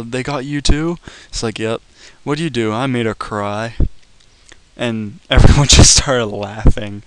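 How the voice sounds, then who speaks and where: A man's voice: fairly low pitch, smooth, no echo, rough recording. A young man casually telling a personal story to the camera, blunt and profane. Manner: blunt, profane, lively retelling. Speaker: vlogger.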